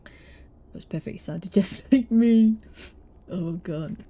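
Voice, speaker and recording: A woman's voice: mid-range voice, slow pace, warm tone. A woman streaming a game live, chatting loosely and answering her chat as she plays.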